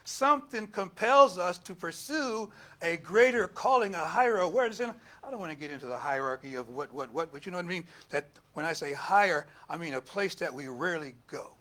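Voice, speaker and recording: Bright-voiced older male pastor. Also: fairly high pitch, a little fast. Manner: animated, laughing, acts out quotes in a raised voice. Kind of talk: storytelling sermon.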